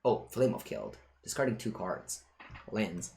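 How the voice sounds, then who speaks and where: A man's voice: fairly low pitch, measured pace, a little mellow, slight background noise. A man, chatting playfully through casual commentary while playing a digital card game. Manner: chatty and playful, breaking off to talk to his cat. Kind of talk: casual live-play commentary.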